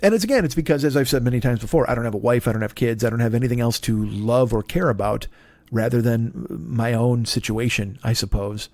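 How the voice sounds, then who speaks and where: A man's voice: mid-range voice, a little fast, darkish tone, dry recording. A man in his fifties hosting a comedy podcast, rambling in a profane, self-deprecating monologue. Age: 50s. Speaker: podcast host.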